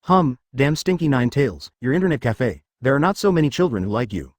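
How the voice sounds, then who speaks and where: A man's voice: medium pitch, animated, a little fast, no room sound, clean studio sound, natural voice. A man voicing a small, boastful and greedy tailed-beast shopkeeper who grumbles and huffs. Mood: grumbling. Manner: huffy, grumbling.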